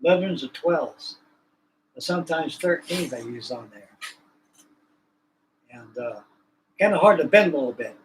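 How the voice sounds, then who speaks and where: This livestream host speaks a little slowly and stops often, his slightly raised, somewhat high voice still animated. He rambles from one topic to another in a folksy, colloquial way. Faint background noise sits under a rough recording.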